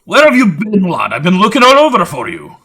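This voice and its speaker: A man's voice: high-pitched, wildly swooping pitch, brisk, creaky, slightly rough, voice pushed up, full character voice. A man voicing a burly male cook who barks orders at a kitchen boy. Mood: impatient. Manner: loud, barking.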